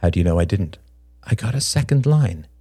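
A man voicing a guarded young man in an audiobook, speaking quietly, earnestly and haltingly. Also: deep voice, animated, husky, dry recording, studio quality, voice pushed down. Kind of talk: audiobook character voice.

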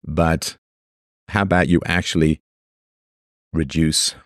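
A man's voice: very deep voice, fairly even intonation, slow, no room sound, studio quality. A man hosting a livestream, delivering an opinionated monologue to his chat in a sarcastic, mocking way. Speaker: livestream host.

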